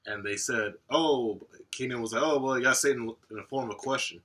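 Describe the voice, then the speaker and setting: A man co-hosting a podcast in casual chat, profane and animated, laughing often. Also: medium pitch, quick pace. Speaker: podcast co-host.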